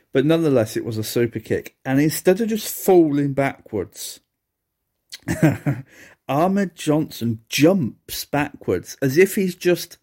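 Male solo podcast host, relaxed and slow, wry and exasperated. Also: medium pitch. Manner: sardonic, exasperated, laughs at the awful match. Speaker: wrestling review podcast host. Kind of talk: casual solo review commentary.

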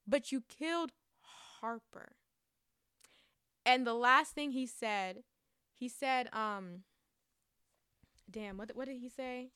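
A woman's voice: sits high, clear, resonant tone, no echo, clean studio sound. A young woman giving a casual, emotional spoiler review of a book, ranting and swearing with frustration. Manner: emotional, ranting, profane, animated.

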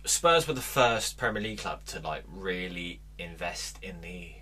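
A man's voice: low-pitched, expressive, moderate pace, sharp tone, slight background noise. A man co-hosting a casual podcast chat, talking in a chatty, explaining way. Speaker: podcast co-host.

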